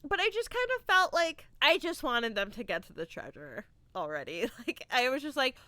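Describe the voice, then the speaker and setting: A woman's voice: high-pitched, normal speed, no echo. A young woman hosting a podcast, reviewing a movie in casual chat, laughing often and acting out lines. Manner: animated, laughs often, acts out quotes. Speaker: podcast host.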